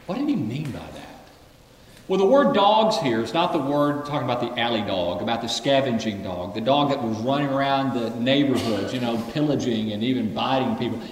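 A man's voice: medium pitch, normal speed, distant mic, a little hiss or hum. Man preaching in an echoing hall. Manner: animated, acts out voices of the story characters. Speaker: pastor. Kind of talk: sermon.

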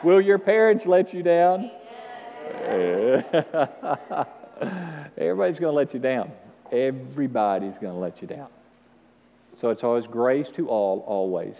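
A male pastor preaching an animated sermon with call-and-response to the congregation in a church. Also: medium pitch. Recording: dull sound with long hall reverb.

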